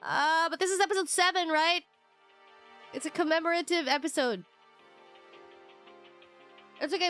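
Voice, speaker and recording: A sleepy, excitable woman streaming a game, chatting and giggling as she plays. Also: very high-pitched, moderate pace, long pauses, soft background music. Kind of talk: casual live-stream commentary.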